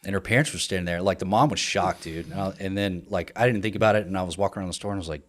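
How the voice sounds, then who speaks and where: Low-voiced male guest, blunt and profane, confessional podcast storyteller. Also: very fast. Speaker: guest, veteran and co-founder. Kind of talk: candid podcast conversation.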